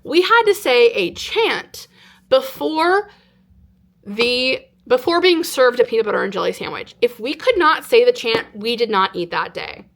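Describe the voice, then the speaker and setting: A woman in her twenties from California, telling a personal story to camera in a casual, animated way with lots of "like". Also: fairly high pitch, a little slow. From California, United States. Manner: animated, exaggerated retelling with frequent "like". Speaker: vlogger. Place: indoors, sit-down filming.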